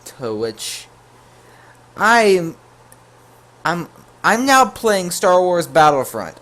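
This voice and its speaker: A man's voice: high-pitched, very animated, extremely slow, a bit bright. Jokey man telling a storytime tale. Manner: jokey, full of asides and self-corrections. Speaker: YouTube storyteller. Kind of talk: casual storytime narration.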